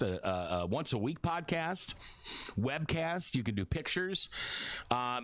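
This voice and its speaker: Brief: middle-aged male radio host, lively swooping delivery, rambling and often apologizing. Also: mid-range voice, dry recording. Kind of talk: casual talk radio. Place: radio studio.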